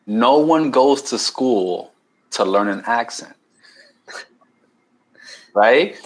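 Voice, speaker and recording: A man's voice: medium pitch, animated, very slow, rough recording. Chatty New York man explaining. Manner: explanatory, repeats words and says "right?" often. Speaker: guest, keto challenge coach. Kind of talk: casual podcast conversation.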